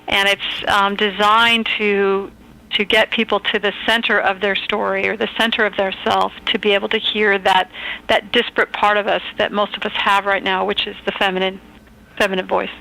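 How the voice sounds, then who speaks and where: A woman author calling in to a radio interview, speaking in a thoughtful, measured, earnest way. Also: medium pitch, level tone, vocal fry, sharp tone, poor audio. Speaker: author and phone-in guest. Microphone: phone call.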